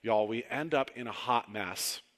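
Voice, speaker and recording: A man preaching a conversational sermon in a church sanctuary, telling personal stories with relaxed, self-deprecating humor. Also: medium pitch, a little slow. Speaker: pastor. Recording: long hall reverb.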